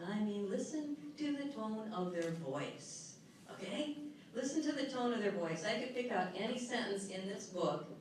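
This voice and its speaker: A middle-aged woman speaks at a live workshop, her voice soothing as she guides a breathing exercise and emphatic as she teaches. The sound is very echoey and picked up from a distance in a large hall. A faint noise runs underneath. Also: lowish voice. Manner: soothing, guiding, then lively and emphatic.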